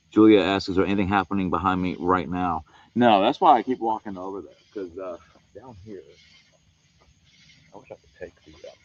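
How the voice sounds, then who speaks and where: Very deep-voiced man rambling outdoors. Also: dull audio. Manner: rambling, laid-back, talks to chat. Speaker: paranormal livestream host. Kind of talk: casual outdoor livestream chat. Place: wooded horse camp outdoors at night. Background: crickets.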